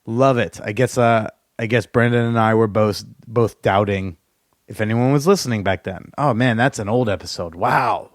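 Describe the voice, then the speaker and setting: A man's voice: lowish voice, a little slow, no room sound, studio quality. A man hosting a podcast, telling stories in a frank, profane, rambling way. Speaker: podcast host. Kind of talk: candid solo storytelling.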